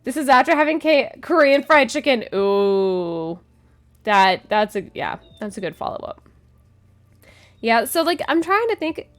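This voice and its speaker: A woman's voice: on the high side, big pitch swings, a little slow, fairly bright tone. A woman streaming a game, chatting casually with her viewers, giggling often and restarting her sentences. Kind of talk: casual chat with chat.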